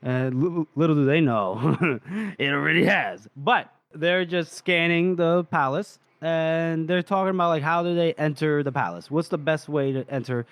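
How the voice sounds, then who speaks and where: A man's voice: fairly high pitch, moderate pace, a bit bright, clear, resonant tone, no echo. A man co-hosting a podcast, retelling a novel's scenes in casual chat, acting out the characters' lines and laughing often. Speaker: podcast co-host.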